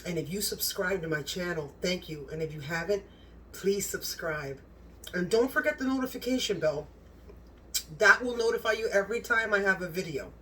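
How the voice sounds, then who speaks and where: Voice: medium pitch, normal speed, a bit bright, far from the mic, a little hiss or hum. A cooking channel host in a home kitchen, gushing and exclaiming as they talk straight to viewers while tasting the food.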